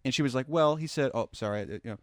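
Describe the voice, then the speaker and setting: A man's voice: mid-range voice, lively intonation, racing, no echo, studio quality. A man on a casual movie commentary, rambling through anecdotes and reading viewer chat.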